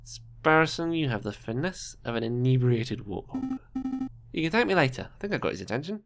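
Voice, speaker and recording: Casting: noble falcon attorney, low-key and gravelly, played by a man, game voice. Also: very animated, a little fast, music in the background. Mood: measured. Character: dignified male falcon lawyer.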